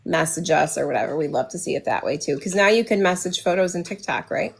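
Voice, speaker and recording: A woman, chatting in a relaxed, supportive way as she co-hosts a live painting stream. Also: sits low, fast talker, vocal fry, breathy edge. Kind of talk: casual chat while painting.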